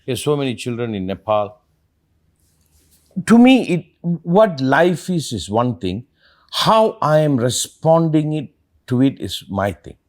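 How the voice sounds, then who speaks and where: A man's voice: mid-range voice, sing-song, unhurried. A man, a spiritual teacher, talking earnestly in a reflective conversation and asking probing questions.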